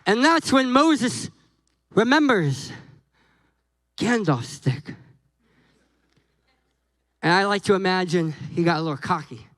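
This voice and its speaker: A man's voice: high-pitched, takes it slowly, long pauses, dry recording, rough recording. A man preaching a sermon as a guest pastor, joking and acting out conversations with God and Moses. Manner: animated, jokey, acts out dialogue with God and Moses.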